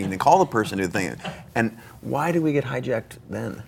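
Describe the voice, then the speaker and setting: A man hosting a live on-stage conversation, chatty and enthusiastic, with quick asides. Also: mid-range voice, animated, gravelly, slight background noise. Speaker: host, interviewer. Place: stage before a live audience.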